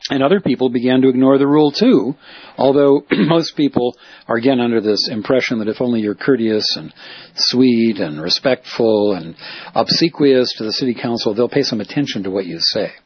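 A man's voice: mid-range voice, moderate pace, slightly rough, no room sound, muffled recording. A man, a reporter and activist, talking in a rambling, self-correcting way as he recounts and explains. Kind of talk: casual spoken monologue.

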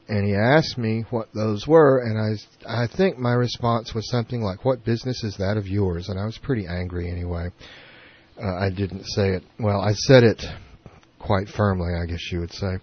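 A man's voice: on the low side, dry recording, lo-fi sound. A man guest on a talk show, telling a story hesitantly with many fillers. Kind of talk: casual conversational interview.

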